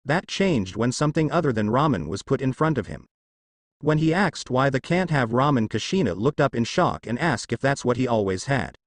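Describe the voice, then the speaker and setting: A man narrating a fan fiction story in a steady storytelling read. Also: medium pitch, normal speed, no room sound.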